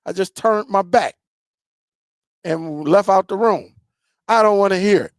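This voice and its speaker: A man's voice: high voice, a little slow, no echo, clean studio sound. A man hosting a tech channel, ranting casually to his viewers, grumbling and repeating himself. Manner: animated, repeats himself, grumbling football rant.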